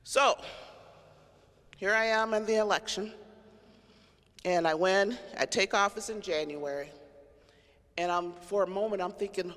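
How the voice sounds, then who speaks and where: A middle-aged woman speaks candidly as a county sheriff, telling personal stories with animated delivery. She acts out the people she quotes. Her voice carries a long, ringing reverb from a large cathedral. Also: medium pitch, unhurried, long pauses. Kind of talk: personal storytelling speech.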